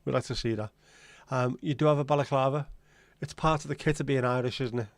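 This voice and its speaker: A man's voice: medium pitch, fairly even intonation, quick pace, no echo. A man hosting a casual livestream, rambling and chatting as he answers viewer comments. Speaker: livestream host reading viewer chat. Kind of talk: casual chat.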